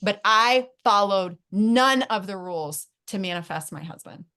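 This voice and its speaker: Woman host, mid-pitched, earnest, conversational interview. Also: expressive, measured pace, bright, forceful tone, clear, resonant tone. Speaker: podcast host.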